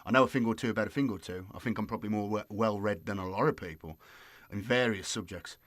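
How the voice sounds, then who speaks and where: A man's voice: lowish voice, fast, dry recording. A man hosting his channel, chatting casually and rambling with lots of fillers. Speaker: YouTube host. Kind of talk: casual late-night chat.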